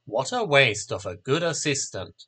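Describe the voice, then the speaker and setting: Storybook magician, smarmy and cross, bright lively voice, put on by a male narrator. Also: medium pitch, measured pace, husky, full character voice. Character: scheming young male stage magician.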